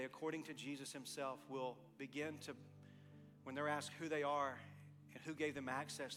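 A man's voice: mid-range voice, long reverb tail. A pastor from East Texas, preaching a sermon and acting out both voices in the stories he tells. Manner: animated storytelling, acting out both sides of dialogues, then quiet earnest appeal.

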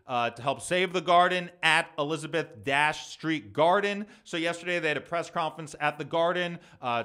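A young man with a fairly high, bright voice, hosting his own podcast. He talks in a casual, heated rant and swears freely as he vents. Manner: heated, ranting, profane. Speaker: podcast host and comedian.

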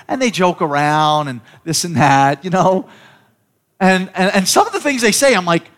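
A middle-aged pastor preaching a sermon in a loose, conversational storytelling way, often repeating and restarting words. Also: male voice, fairly high pitch, sing-song, normal speed, fairly bright tone.

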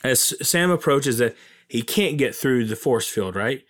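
A man's voice: mid-range voice, animated, a little slow. A man casually and enthusiastically retelling a film's plot, rambling with many fillers. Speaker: film commentator.

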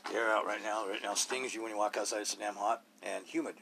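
A man's voice: on the low side, steady tone, fast talker, creaky, pushed and bright, a little hiss or hum. A man hosting a solo podcast, talking bluntly and rawly in a rambling way, full of rhetorical questions. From Idaho, US. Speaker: podcast host.

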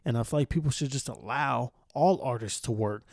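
A man's voice: medium pitch, a little fast, gravelly, no room sound, clean studio sound. A young man hosting a solo podcast, reading news aloud and then ranting about it with heavy profanity. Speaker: podcast host.

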